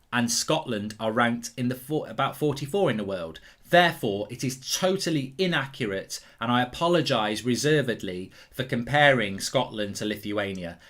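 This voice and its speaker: An English man hosting a casual live football watchalong, chatting with viewers and breaking into jokey mock news bulletins. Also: mid-range voice. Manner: jokey, excitable, mock-newsreader bursts. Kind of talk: casual live-stream chat.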